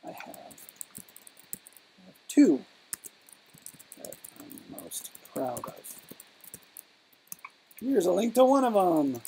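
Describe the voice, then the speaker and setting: A man's voice: high-pitched, very animated, drawn-out words, pauses often, mellow, slight background noise. A man co-hosting a casual live question-and-answer session, reading questions and thinking aloud with frequent hesitations. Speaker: co-host answering viewer questions.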